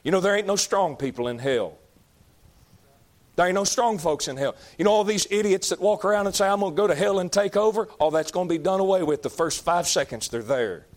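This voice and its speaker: A man preaching a fiery sermon, emphatic and repetitive, rising to shouts. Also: high-pitched, expressive, fairly quick. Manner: folksy, emphatic, shouting at peaks, repeats lines.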